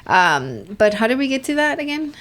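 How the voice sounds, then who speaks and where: A woman's voice: high-pitched, very animated, normal speed, fairly bright tone. A young adult woman co-hosting a podcast in a casual chat, telling stories with a lot of "like" and "right?" and acting out the voices of people she quotes. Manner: rambling storyteller, acts out quoted dialogue, heavy on "like" and "right?". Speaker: podcast co-host.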